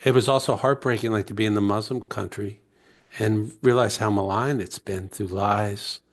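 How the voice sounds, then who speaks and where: A man from the United States, a guest author, telling heartfelt stories slowly and reflectively in an interview. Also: lowish voice, fairly even intonation. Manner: heartfelt, emotional, slow and searching.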